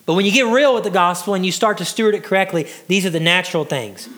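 A man preaching with a high, bright, forceful voice. He talks in a loose, conversational way, repeating words as he restarts and slipping into little acted-out quotes. It comes across as a casual sermon. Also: quick pace. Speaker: pastor.

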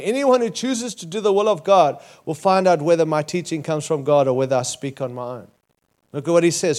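A man's voice: on the high side, darkish tone. A man with an Australian accent preaching a sermon as pastor, emphatic and building to punchy repeated phrases.

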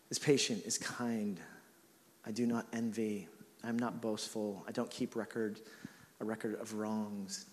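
A man's voice: medium pitch, long reverb tail. A man preaching a sermon as pastor, telling a funny personal story about himself with lots of casual fillers. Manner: storytelling with self-mocking humor and laughs.

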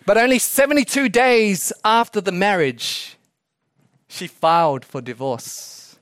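A male pastor preaching a sermon for a podcast, weaving animated stories and laughing asides into his message. His voice sits high for a man. The sound is dry and close, with no room echo. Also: a little slow. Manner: animated storytelling, chuckling asides. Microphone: podcast recording.

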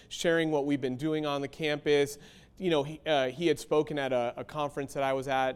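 A man's voice: medium pitch, clear, resonant tone. A man in his forties giving an earnest motivational talk to a crowd, with many fillers and restarts. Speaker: speaker.

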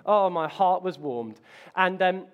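A man's voice: high voice, expressive, takes it slowly, dull audio. A man preaching a sermon, telling self-mocking stories with playful asides. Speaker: pastor.

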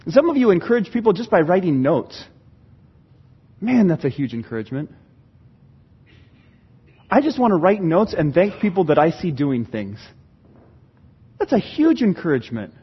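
Pastor guy preaching, high husky voice, kinda dull lo-fi sound. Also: normal speed, pauses often. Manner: animated, acts out church members' voices. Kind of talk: sermon.

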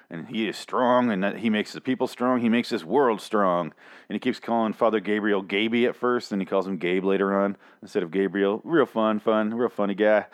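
A man casually recapping a TV episode, rambling and swearing, with sarcastic asides. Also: on the low side.

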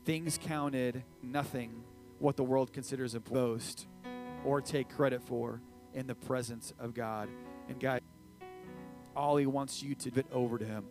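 A man preaching a sermon in a lively, joking way, swinging between loud and quiet. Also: medium pitch, a little slow, faint music behind, low-quality recording. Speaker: pastor.

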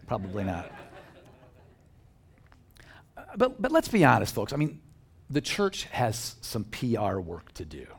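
In a church, a pastor gives a sermon that feels like a conversation, full of jokes and questions for the congregation, delivered with animation. He has a husky, fairly low-pitched male voice.

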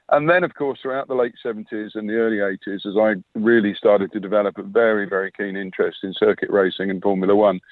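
A man in his sixties, a former sponsorship manager, recalls past work as an interview guest in long, reflective anecdotes full of quoted dialogue. His voice is lowish, and the audio is dry and tinny, like a phone line.

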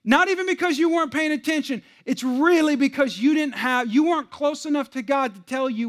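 A man, preaching a sermon to a crowd. He swings from loud shouting down to a hush and puts questions to the listeners. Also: very high-pitched, fairly quick, few pauses. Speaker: pastor.

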